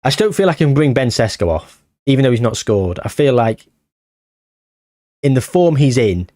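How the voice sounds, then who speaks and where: A man commentating his football management game as he plays, anxious and short of breath, bursting into excited shouts at near misses. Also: medium pitch, normal speed, no echo, studio quality. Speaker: gaming YouTuber.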